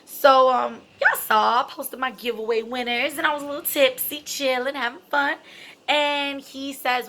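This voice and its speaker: A woman's voice: a little high, fairly even intonation, brisk, bright, forceful tone, slight background noise. A young adult woman telling a personal story in a casual, emotional way, swearing freely and filling her talk with "like" and "you know". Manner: emotional, candid, swears freely, heavy fillers.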